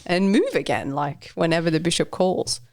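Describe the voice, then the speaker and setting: A woman co-hosting a podcast in casual chat, chatty and quick to laugh. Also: fairly low pitch, very animated, no echo. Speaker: podcast co-host.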